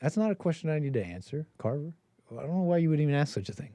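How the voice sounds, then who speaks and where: A man's voice: fairly high pitch, big pitch swings, very fast, warm tone. A man hosting a call-in show, rambling in casual commentary with a mocking tone and frequent restarts.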